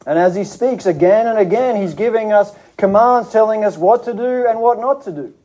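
A man preaching a sermon to his church, speaking in an earnest, measured teaching manner with frequent restarts. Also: sits high, mellow, dull audio.

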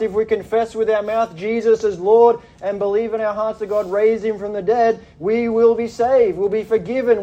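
A pastor with an Australian accent, delivering a sermon in a measured, deliberate way and stressing his points. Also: high-pitched, dark tone, lo-fi sound.

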